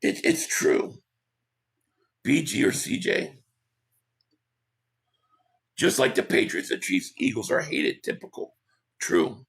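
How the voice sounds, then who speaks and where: Hoarse, gravelly man chatting live. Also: lowish voice, fairly bright tone. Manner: opinionated, quick agreement with viewers. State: hoarse, losing his voice. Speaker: live stream host. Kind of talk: casual live stream chat reading viewer comments.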